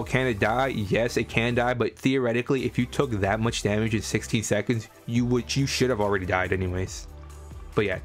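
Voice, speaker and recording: A man giving a casual, enthusiastic voice-over for a game build guide, chatty and chuckling often. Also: fairly low pitch. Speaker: gaming content creator.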